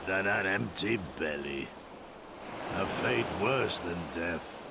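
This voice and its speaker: A grave, gravelly game warrior. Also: male voice, deep voice, animated, slow pace, heavy background noise, heavily acted. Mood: solemn. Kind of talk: game voice acting.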